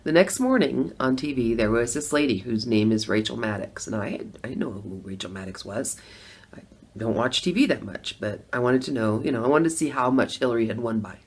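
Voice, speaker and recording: A woman's voice: a bass voice, animated, brisk, husky. A middle-aged woman telling a personal story in a casual, conversational way. She laughs often and acts out her own reactions. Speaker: former Democrat voter telling her story.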